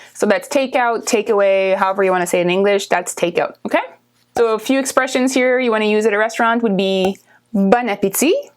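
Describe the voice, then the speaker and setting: A woman with a Canadian accent teaching a language lesson, slowly repeating words and often checking in with "okay?". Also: mid-range voice. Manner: slow, careful repetition of words, frequently asking "okay?". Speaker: French teacher.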